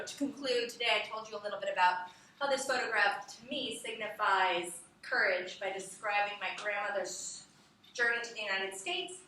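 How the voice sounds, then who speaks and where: A woman teaching a class, talking in a chatty, animated way and often asking the students questions. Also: medium pitch. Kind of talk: classroom lecture. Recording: echoey classroom from far off, with background noise.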